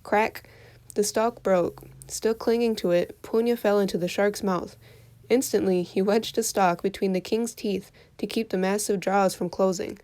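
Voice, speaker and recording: Expressive woman reading a folktale. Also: medium pitch, a little slow. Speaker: storyteller. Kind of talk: reading a folktale aloud for children.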